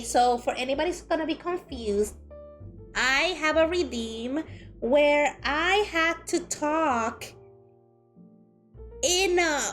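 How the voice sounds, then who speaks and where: Chatty high-voiced woman streamer. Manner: chatty, rambling, self-mocking. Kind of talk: live art stream chat.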